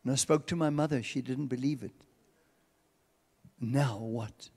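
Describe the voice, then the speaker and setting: A man's voice: mid-range voice, unhurried, darkish tone, husky. A man with a South African accent preaching a sermon, telling stories and acting out the voices of the people in them. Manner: storytelling, acts out quoted voices. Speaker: pastor. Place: large church hall. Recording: long church hall reverb.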